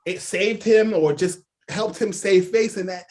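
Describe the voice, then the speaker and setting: Chatty man, slightly high voice. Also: unhurried. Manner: animated anecdotes full of "like" and "yo". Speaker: podcast guest, sports journalist. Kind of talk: casual podcast storytelling.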